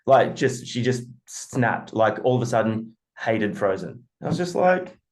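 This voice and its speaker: A fairly low-voiced man in his thirties, telling stories casually and swearing freely. He sounds animated and loose as he chats. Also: unhurried. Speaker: podcast co-host. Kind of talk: casual storytelling.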